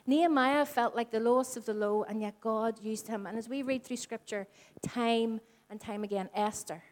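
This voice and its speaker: A woman's voice: a little high, moderate pace. A woman in her forties from Northern Ireland, giving a conversational sermon to a congregation and acting out the dialogue in her stories. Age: 40s. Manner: animated storytelling, acts out quoted dialogue. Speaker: church speaker. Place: church hall before a congregation.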